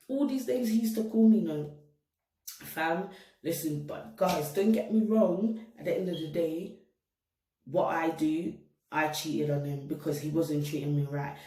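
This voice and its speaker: A woman's voice: deep voice, a little slow. Slangy young woman, roomy and distant. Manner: animated, slangy, addresses viewers directly. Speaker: vlogger. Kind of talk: casual storytime monologue. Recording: roomy echo, set back from mic.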